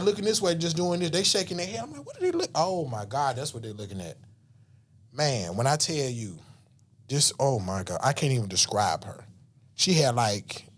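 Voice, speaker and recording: A man, telling a story in casual, slangy talk and acting out voices and whispers. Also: a little high. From Southern US. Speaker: podcast guest.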